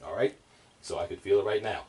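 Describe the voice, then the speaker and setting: A man's voice: fairly low pitch, fairly even intonation, fairly quick, loud music behind the voice. Man teaching drums from a distance. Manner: loose, rambling, many fillers and restarts. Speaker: drum teacher. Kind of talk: casual instructional talk. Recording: distant mic, drums playing.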